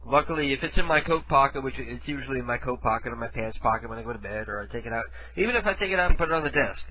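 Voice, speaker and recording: A man's voice: medium pitch, lively intonation, very fast, dry recording, lo-fi sound. A man hosting a radio show, chatting casually between prank calls in a rambling, crude, laughing way. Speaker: radio host.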